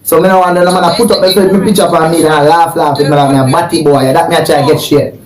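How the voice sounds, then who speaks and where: A man's voice: fairly high pitch, fairly even intonation, fast, reverberant, crowd noise. A man arguing defiantly and repeating himself insistently in a heated exchange. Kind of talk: heated argument.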